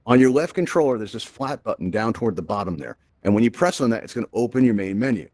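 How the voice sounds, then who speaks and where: A man's voice: fairly low pitch, expressive, fast talker, darkish tone, no echo. A man hosting a live virtual reality event, teaching his audience in an upbeat, chatty way and often checking in with "right?". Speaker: host.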